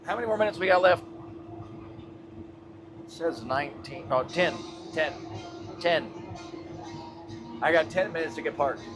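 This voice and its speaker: A man's voice: a little high, a little slow, long pauses, over music. A man, a long-haul truck driver, chatting casually on a livestream while he drives, exasperated and swearing freely as he rambles. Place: truck cab on the road.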